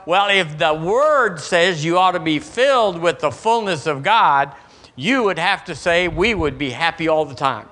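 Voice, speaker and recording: A pastor, preaching emphatically and reading scripture with lively asides. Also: male voice, on the high side, a little slow. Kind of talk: sermon.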